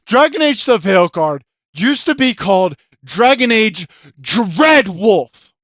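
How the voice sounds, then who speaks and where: A video game commentator in an angry, profane rant, yelling often, with a throat sore from shouting. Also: medium pitch, sing-song, slow pace, no echo, clean studio sound.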